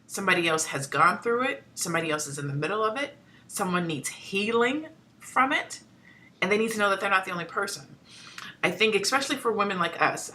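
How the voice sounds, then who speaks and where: A woman hosting a talk show discussion, speaking in a reflective, measured way. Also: on the low side, sharp tone, slight background noise. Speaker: host.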